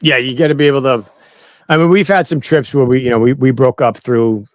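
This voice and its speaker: A man's voice: mid-range voice, brisk, no room sound. Easygoing joking guy, guest on a podcast, dry close recording. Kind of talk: casual chat.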